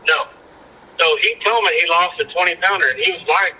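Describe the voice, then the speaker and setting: Bright, lively male storyteller. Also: high voice, fairly quick, poor audio. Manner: rambling anecdotes with many restarts. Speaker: podcast guest, former fishing guide. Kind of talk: casual storytelling chat.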